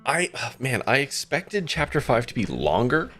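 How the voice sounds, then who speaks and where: Guy streamer chatting over gameplay, lively up and down voice, swears a lot. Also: medium pitch, normal speed, faint music behind. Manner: swears and laughs, thinks aloud. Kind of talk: casual let's-play commentary.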